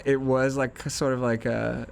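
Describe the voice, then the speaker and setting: A young man being interviewed as a musician, telling anecdotes in a relaxed, slangy way and acting out the people in them. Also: medium pitch, unhurried, vocal fry, a little hiss or hum. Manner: animated, acts out voices in anecdotes. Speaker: guest musician. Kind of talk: casual storytelling.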